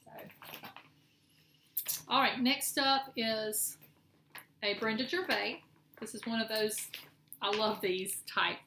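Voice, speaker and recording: Middle-aged woman, chatty show-and-tell vlogger, bright and fairly high voice, echoey room with faint hiss. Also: steady tone, takes it slowly, long pauses. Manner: chatty, rambling, self-correcting. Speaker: cross-stitch vlogger. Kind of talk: casual show-and-tell chat.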